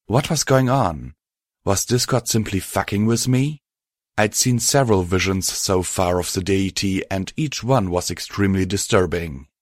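A man narrating a story aloud in a steady, even storytelling manner. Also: sits low, dry recording, clean studio sound. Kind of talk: scripted audiobook narration.

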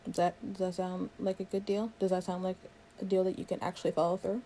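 A woman's voice: on the low side, flat delivery, fast, dark tone, a little hiss or hum. Sarcastic, exasperated young woman. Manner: sarcastic and exasperated, swears a lot. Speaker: coworker doing a project with the listener. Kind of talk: one-sided audio role-play.

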